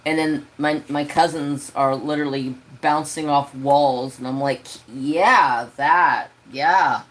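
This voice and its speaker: Man, crafting livestream host, casual storytelling, animated, ranting, swearing, at home. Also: fairly high pitch, slow pace.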